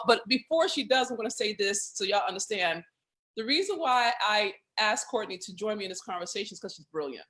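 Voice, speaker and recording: A woman's voice: medium pitch, fairly bright tone. A woman hosting a live video conversation, joking and emotional, her voice catching with feeling. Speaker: host.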